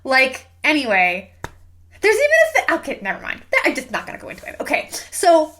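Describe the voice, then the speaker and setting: A young woman with a high, sharp voice talks fast and animatedly while hosting a casual book review. It's a sarcastic rant monologue packed with "like" fillers.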